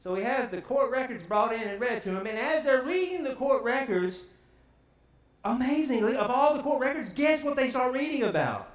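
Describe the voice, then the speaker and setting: A male preacher telling a story in a sermon, lively and quizzing the congregation as he goes. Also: extremely high pitch, normal speed. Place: church sanctuary. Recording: echoey church sanctuary.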